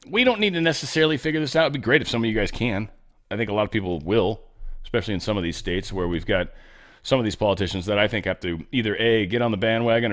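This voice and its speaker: A man talks politics in a loose, rambling way, swearing freely and tossing off sarcastic, mocking asides. His voice sits at an ordinary middle pitch, and he often loses his thread. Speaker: political commentary host. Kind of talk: casual political commentary.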